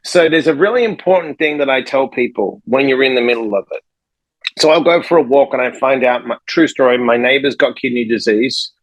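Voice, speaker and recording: A man who is a life coach and author, telling a story in a podcast conversation with lively energy and acting out the people in it. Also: mid-range voice, fairly quick, dry recording, low-quality recording. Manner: energetic, acts out the people in his stories.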